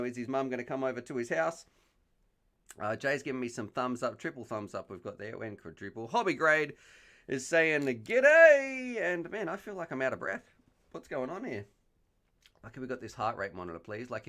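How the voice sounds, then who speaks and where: A man hosts a relaxed live stream and talks into a headset mic. He chats and jokes easily as he reads viewer questions aloud. His voice sits at an ordinary middle pitch. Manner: chatty, joking, reads chat messages aloud.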